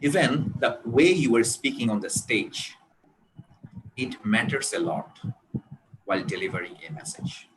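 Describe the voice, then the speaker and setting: A man from Bangladesh with a Bangladeshi English accent, lecturing on public speaking in a deliberate way, with frequent pauses and stressed key words. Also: medium pitch, expressive, a bit bright, a little hiss or hum, poor audio. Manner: deliberate, with many pauses and hesitations.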